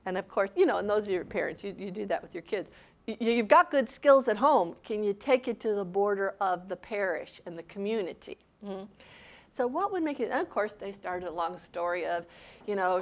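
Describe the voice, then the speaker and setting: A woman's voice: medium pitch, normal speed. Woman leading a seminar exercise. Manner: conversational, retells a story with quoted speech. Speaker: seminar speaker. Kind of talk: seminar talk with a workshop exercise. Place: seminar room.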